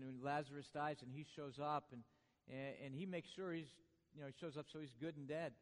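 High-voiced man preaching a dramatic sermon. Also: big-room sound. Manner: dramatic swings from hushed to booming, joking asides. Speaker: pastor.

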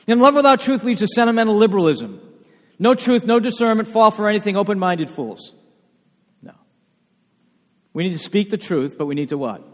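A man preaching a sermon as pastor, emphatic, with rhetorical questions and sudden soft asides. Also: high voice, lively intonation, brisk, long pauses, long reverb tail. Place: church sanctuary.

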